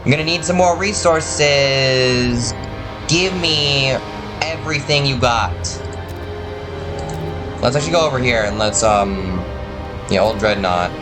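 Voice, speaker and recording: Male gamer, casual commentary, mid-pitched, chatty and quick with asides. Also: over music.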